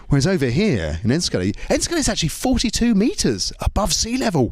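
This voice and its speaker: A man doing a stand-up comedy routine, chatty, leaning on tag questions and stumbling into quick restarts. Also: medium pitch, wildly swooping pitch, darkish tone, no echo.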